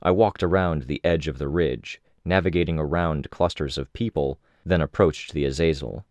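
Low voiced guy reading an audiobook, steady and even, dry close mic. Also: moderate pace, dry recording. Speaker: audiobook narrator. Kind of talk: first-person novel narration.

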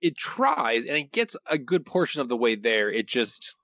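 A man's voice: mid-range voice, sing-song, normal speed, sharp tone, no echo, highs cut off. A man co-hosting a podcast, chipping in with dry, wry remarks. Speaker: podcast co-host. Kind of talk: casual chat.

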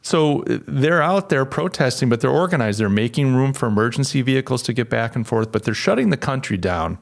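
A man with a gravelly, rough-edged voice at a middle pitch delivers solo podcast commentary as the host. He leans on sarcastic, mocking asides as he talks. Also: expressive, a little fast.

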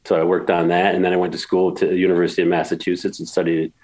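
A man's voice: deep voice, flat delivery, very fast, a little mellow, poor audio. A man in his sixties from upstate New York, telling emotional stories in an interview with many restarts and repeats. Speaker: golf course builder, guest. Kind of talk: storytelling interview.

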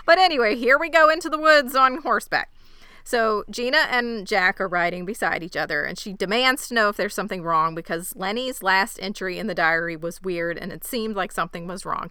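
A woman's voice: on the low side, pushed and bright, clear, resonant tone, dry recording, clean studio sound. A woman co-hosting a podcast, recapping a TV episode in an easygoing, amused storytelling manner. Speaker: podcast co-host. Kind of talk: casual TV recap chat.

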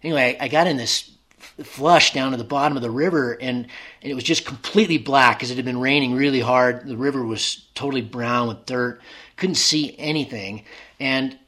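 A man's voice: medium pitch, a little fast, sharp tone. A man telling a long personal story in casual conversation, rambling with many fillers and restarts.

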